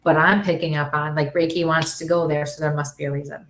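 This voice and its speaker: A woman's voice: sits low, quick pace. A middle-aged woman telling stories in a casual chat, acting out the voices of the people she quotes. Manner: animated storyteller, acts out quoted voices. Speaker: guest. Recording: roomy echo.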